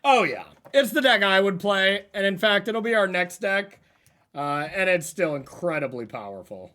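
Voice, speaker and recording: A man streaming a card game, thinking aloud about his plays in a relaxed, chatty way. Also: sits high, moderate pace. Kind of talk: casual gameplay commentary.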